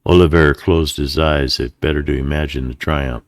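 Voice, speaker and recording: Male narrator, western audiobook reader, very deep voice, dry close sound, steady and deliberate. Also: no echo.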